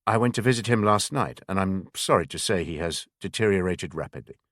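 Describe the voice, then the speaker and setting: A man voicing a slow, proper old spymaster. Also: deep voice, lively intonation, a bit bright, dry recording, studio quality. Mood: grave. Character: senior male spymaster, older, measured, formal.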